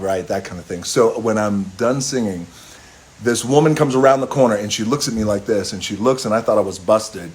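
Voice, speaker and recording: A man's voice: on the low side, darkish tone. A man hosting a phone live stream, telling a casual, profane story with chuckles along the way. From Hawaii. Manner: loose, profane, chuckling anecdotal delivery.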